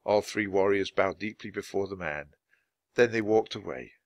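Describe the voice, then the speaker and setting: A man's voice: low-pitched, moderate pace, dry recording. A man reading a children's chapter book aloud at a natural pace for language learners. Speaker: storybook reader. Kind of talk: audiobook narration for language learners.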